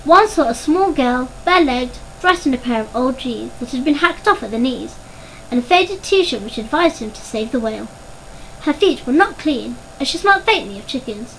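Woman reading a kids storybook out loud, expressive and measured, highish voice, bit of faint noise. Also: rough recording. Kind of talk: storybook narration.

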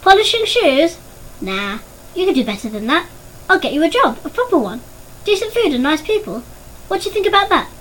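A woman reads as a sly, smooth-talking uncle in an audiobook story, whose voice stays high and swings widely while he coaxes a young boy with brisk promises. He talks quickly and persuasively. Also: sing-song, a bit bright, a little hiss or hum, exaggerated voice, rough recording.

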